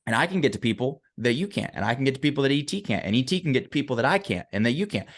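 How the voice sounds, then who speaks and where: A man, a motivational speaker and coach, telling a story as a podcast guest, emphatic and often checking in with the listener. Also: mid-range voice.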